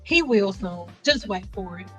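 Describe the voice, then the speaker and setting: A woman's voice: mid-range voice, lively intonation, a little slow, a bit bright, faint music behind. A woman putting on a teasing older lady.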